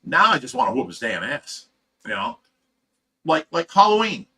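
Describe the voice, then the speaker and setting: A man's voice: medium pitch, very animated, moderate pace, sharp tone. A man hosting a livestream, telling a heated, rambling story full of swearing in casual chat. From Ohio. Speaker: livestream host.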